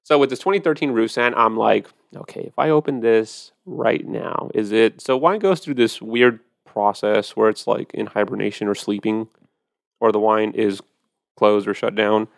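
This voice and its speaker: A man's voice: lowish voice, moderate pace, vocal fry, dry recording, studio quality. A man hosting a podcast, chatting casually and animatedly about wine, with profane storytelling. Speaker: podcast host.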